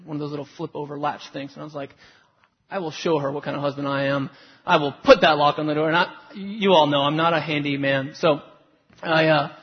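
A pastor with a slightly high, breathy voice preaches to his congregation, chatting through self-deprecating stories about his marriage. The lo-fi recording carries a long hall reverb.

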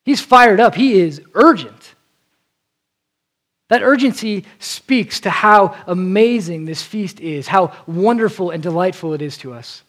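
A male preacher with a high voice gives an earnest Sunday sermon. He talks directly to his congregation and repeats a word now and then as he presses his points. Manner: earnest, repeats words as he restarts.

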